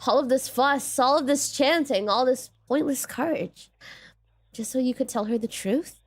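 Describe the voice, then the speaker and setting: A woman doing a hushed, taunting possessing deity. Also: high voice, dry recording. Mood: mocking. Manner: slow, taunting, hushed delivery. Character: sinister possessing deity in a man's body, mocking and cruel.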